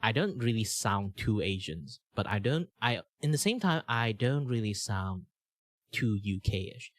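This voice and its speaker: A young man from Malaysia talking casually on stream, with a lively pitch that rises and falls a lot. His speech flows on in long, rambling runs, full of fillers and self-corrections. He records on a good mic in a treated home room, so the sound is close and dead dry. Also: measured pace, dry recording. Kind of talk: casual chat. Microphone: good studio mic.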